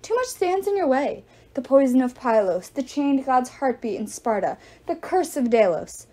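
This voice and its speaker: A proud goddess of victory spits curses and threats in a high, swooping voice, as a woman reading a book puts her on. The delivery is haughty and loud, rising sharply on her warnings. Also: big pitch swings, normal speed. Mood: furious, haughty.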